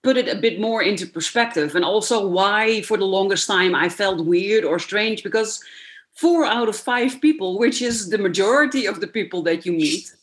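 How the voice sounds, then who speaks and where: Woman, middle-aged, mid-pitched voice; candid, reflective podcast guest sharing her own experience. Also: normal speed. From Netherlands. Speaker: guest, transformation coach. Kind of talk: podcast interview talk.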